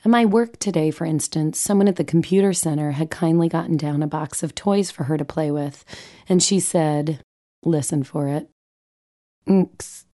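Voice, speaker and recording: A woman's voice: sits low, moderate pace, mellow. A woman, a mother, reading her own personal essay aloud with wry, self-mocking humor. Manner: wry, self-mocking, vividly comic phrasing.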